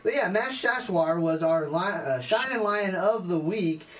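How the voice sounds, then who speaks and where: Young male college radio sports host, slightly high voice, casual and chatty, stat-reading with fillers. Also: animated, a little slow. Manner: chatty, reads stats with fillers and restarts.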